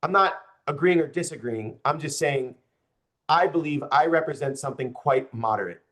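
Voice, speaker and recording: A man's voice: on the high side, moderate pace, fairly bright tone. A young man, a political candidate, speaking passionately and with open frustration to a group, addressing the audience directly. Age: young adult. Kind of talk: campaign speech to a group.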